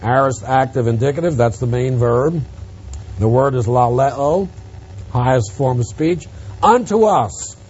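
A man preaching an expository Bible lesson, emphatic, rising on stressed words and dropping quiet on asides. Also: medium pitch, unhurried, lo-fi sound, a little hiss or hum. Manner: emphatic, swings from loud stresses to quiet drops.

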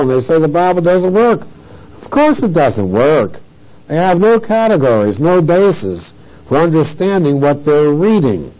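A middle-aged man preaching a verse-by-verse Bible lesson in a fairly high voice. He teaches in a didactic, emphatic way, lifting some phrases and dropping others low. The sound is dull and muffled, like an old sermon tape. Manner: didactic, emphatic, with wide swings in pitch and loudness. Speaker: pastor.

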